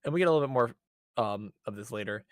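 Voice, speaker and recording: A man's voice: medium pitch, expressive, quick pace, no echo. A man casually recapping an anime episode on a podcast, rambling with fillers and swearing. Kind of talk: casual chat.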